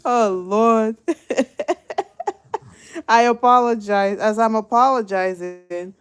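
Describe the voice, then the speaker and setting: Woman livestreamer spilling a story, keeps laughing, cusses a lot, kinda high voice. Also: fairly even intonation, takes it slowly, smooth. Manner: laughs often while telling a story; swears casually. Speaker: livestream host. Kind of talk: casual storytelling.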